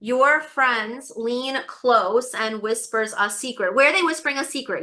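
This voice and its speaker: Bright high-pitched woman tutor. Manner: encouraging, repetitive, coaxing students; rapid asides, many fillers. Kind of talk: online test-prep webinar.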